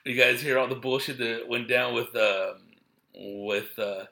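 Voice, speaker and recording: A man's voice: mid-range voice, level tone, a little slow, vocal fry, sharp tone. A man telling casual, profane stories from his shows, full of slang and acted-out quotes. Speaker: comedian talking about his shows. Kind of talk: casual rambling chat.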